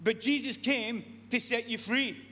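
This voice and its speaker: A man with a high voice preaches a sermon, earnest and repetitive, often stumbling and restarting mid-sentence. His voice rings with the long reverb of a church hall. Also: a little slow, pushed and bright.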